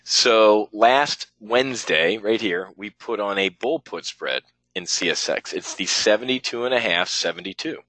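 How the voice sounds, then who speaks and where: A man's voice: on the low side, normal speed, hardly any pauses, pushed and bright, rough recording. A man running a live options trading webinar, talking bluntly and rambling with some profanity as he works through trades on screen.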